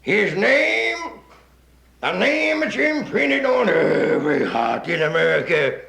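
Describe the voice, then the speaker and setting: A man playing a pompous senator who gives a drawn-out, bombastic speech in a 1950s live comic monologue. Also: high-pitched, big pitch swings, vocal fry, sharp tone, heavily acted. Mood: grandiose. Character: pompous middle-aged male senator orating. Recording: roomy live 1950s recording.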